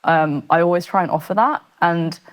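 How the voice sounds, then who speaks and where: A woman's voice: lowish voice, normal speed. A woman, a photographer and podcast guest, talking casually in a rambling, filler-heavy way. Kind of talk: casual interview chat.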